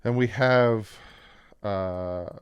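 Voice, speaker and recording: A man with a New Jersey accent casually breaking down football practice clips as a channel host, explaining plays with excitement. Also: on the low side, very slow, smooth, dry recording. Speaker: sports commentator.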